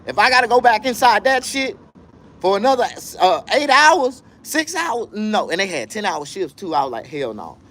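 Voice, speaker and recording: Profane, animated male storyteller. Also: high voice, moderate pace. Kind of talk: comedic storytelling.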